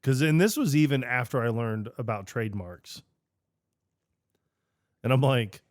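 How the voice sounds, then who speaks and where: A man's voice: medium pitch, expressive, slow, long pauses, no echo, clean studio sound. A man co-hosting a podcast in casual chat, laid-back, laughing as he tells stories. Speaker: podcast co-host.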